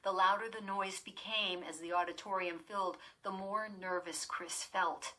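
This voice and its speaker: A woman narrating a children's horror audiobook in an even, measured storytelling manner. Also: mid-range voice, low-quality recording.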